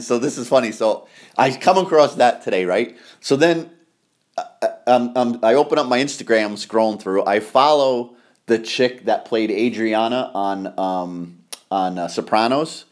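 A middle-aged American man hosting a podcast, telling stories in casual chat, rambling and excitable with frequent laughter. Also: mid-range voice, measured pace. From United States. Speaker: podcast host.

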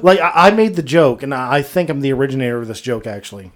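A man's voice: mid-range voice, animated, quick pace. A man co-hosting a casual podcast, telling profane stories and laughing often. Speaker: podcast co-host. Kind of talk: casual storytelling chat.

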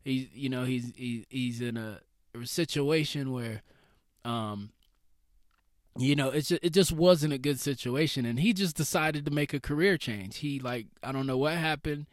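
A man's voice: mid-range voice, moderate pace, dry recording, clean studio sound. A man hosting a motivational solo podcast, talking in a casual, slangy way and calling his listeners "baby". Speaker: podcast host.

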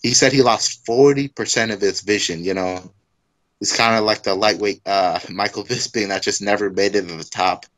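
A man co-hosting a casual fight recap podcast, talking loosely with many halting fillers. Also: fairly low pitch, a bit bright, rough recording. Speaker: podcast co-host.

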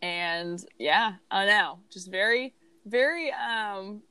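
A young woman opens and steers a relaxed podcast conversation. She talks in a chatty, giggly way, leaning on "um" and "like" as she goes. Her voice sits at an ordinary middle pitch. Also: slow, clean tone, no room sound. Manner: giggly, chatty, many fillers. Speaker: podcast host. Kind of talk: casual chat.

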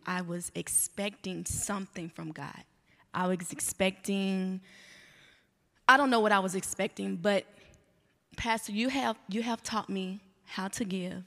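A woman's voice: on the low side, creaky, a bit bright. Young woman testifying in a reverberant church. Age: young adult. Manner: candid, rambling storytelling. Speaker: church member giving testimony. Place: church sanctuary.

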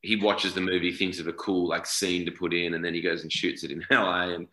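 A man's voice: deep voice, little pitch movement, brisk, sharp tone, reverberant, rough recording. A man in his forties with an Australian accent, chatting loosely as an actor being interviewed, often repeating and correcting himself. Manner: rambling, self-correcting, repeats words. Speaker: actor guest. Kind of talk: casual interview chat.

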